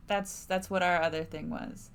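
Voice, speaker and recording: A woman's voice: fairly low pitch, steady tone, moderate pace, gravelly, smooth. A woman streaming a narrative game from home, chatting casually with enthusiasm and many fillers. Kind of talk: casual let's-play chat.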